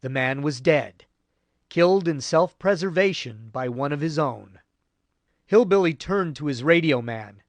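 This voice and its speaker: A man's voice: fairly high pitch, animated, no echo. Man narrating a war audiobook, grave. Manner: measured, grave storytelling. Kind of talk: scripted narration.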